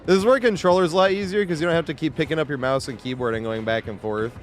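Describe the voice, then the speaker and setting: A man's voice: fairly high pitch, fast talker, soft background music. A man giving casual live commentary as a game streamer, chatty, laughing often and making sarcastic asides.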